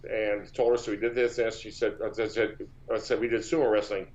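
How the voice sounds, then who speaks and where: A man's voice: lowish voice, level tone, a little fast, a little mellow, muffled recording. A man from Texas, a powerlifter, telling long casual stories in an interview, with many false starts and repeats. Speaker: powerlifter guest.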